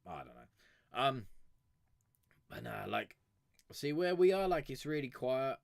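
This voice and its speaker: A man's voice: medium pitch, wildly swooping pitch, slow, creaky, dry recording, studio quality. A young man chatting casually on a live stream, rambling and swearing freely as he talks to viewers. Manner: rambling, swears freely, chuckles between thoughts. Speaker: music review streamer.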